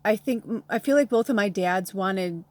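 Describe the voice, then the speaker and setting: Woman, middle-aged, tarot reader, casual rambling talk, laughs often, mid-pitched. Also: normal speed, darkish tone, no room sound. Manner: emotional, near tears. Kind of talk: casual spiritual vlog chat.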